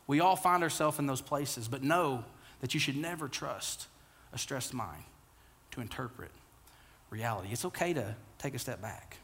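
A man in his thirties preaching an earnest, conversational sermon, often repeating words and dropping low and quiet for key lines. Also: normal speed. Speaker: pastor.

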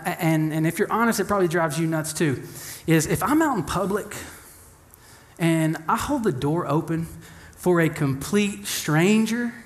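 A young adult pastor preaches a sermon animatedly and with humor, acting out the voices of people he quotes. His voice is a little high.

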